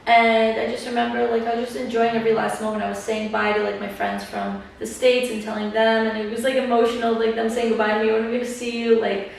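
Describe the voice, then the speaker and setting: Chatty woman with a gravelly voice in an echoey room. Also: fairly high pitch, level tone, fast, few pauses, distant mic, slight background noise. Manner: chatty, fills talk with "like", acts out quotes. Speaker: podcast host. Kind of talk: casual chat. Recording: echoey room, voice a bit off-mic.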